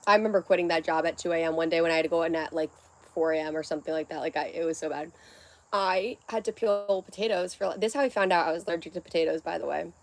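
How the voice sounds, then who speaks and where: A woman's voice: on the low side, quick pace. A young adult woman hosting a casual livestream at home, rambling from one topic to the next in a scattered way. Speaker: livestream host.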